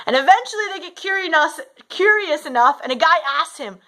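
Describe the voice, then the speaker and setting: Bright, high-voiced woman coach. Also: expressive, moderate pace, hardly any pauses. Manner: storytelling, often adds "right?". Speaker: fitness and mindset coach. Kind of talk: motivational talk to camera.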